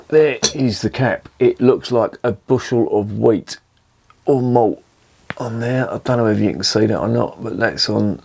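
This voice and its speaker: A man's voice: on the low side, vocal fry, a little mellow, a little hiss or hum. A man hosting a casual beer review vlog, chatty and jokey and swearing freely as he talks. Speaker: beer reviewer, channel host.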